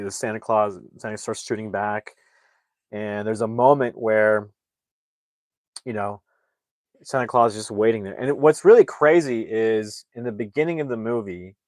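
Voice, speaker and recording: A man reviewing a movie, retelling the plot in a loose, rambling way. His voice is fairly low, and he leans on filler words as he goes. The recording is close and dry. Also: dry recording. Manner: rambling, heavy use of "like" fillers. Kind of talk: casual plot recap.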